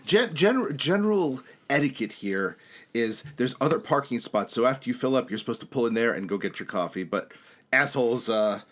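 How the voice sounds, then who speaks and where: A man's voice: mid-range voice, animated, moderate pace. A man co-hosting a podcast, chatting casually with lots of fillers. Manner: rambly, filler-heavy. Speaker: podcast co-host. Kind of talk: casual comedic chat.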